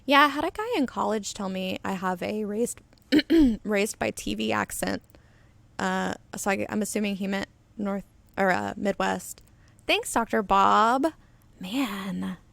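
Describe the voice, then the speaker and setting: A woman's voice: mid-range voice, steady tone, unhurried, gravelly, a bit bright, no room sound. A woman hosting a live stream where she paints miniatures, chatting in a rambling way and reading viewer comments aloud. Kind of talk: casual chat while demonstrating. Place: indoor studio under flood lighting. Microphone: webcam on auto settings.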